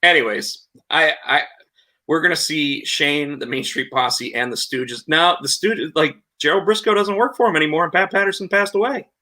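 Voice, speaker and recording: A man co-hosting a casual podcast, retelling events in a rambling, animated way with lots of restarts. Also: a little high, normal speed. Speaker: podcast co-host. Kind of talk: casual chat, recapping wrestling.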